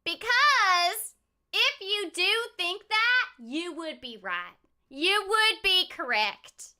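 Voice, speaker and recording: A woman's voice: extremely high pitch, big pitch swings, takes it slowly, sharp tone, pitched above the performer's own voice, heavily acted. A woman voicing a cheerful, boastful female country sheriff in a hammy, put-on American country drawl. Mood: playful.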